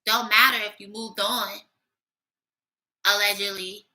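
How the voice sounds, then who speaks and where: A woman giving a casual tarot reading, blunt and sassy, talking her thoughts out loud. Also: mid-range voice, steady tone, measured pace, poor audio. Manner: blunt, sassy, thinking aloud. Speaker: tarot reader.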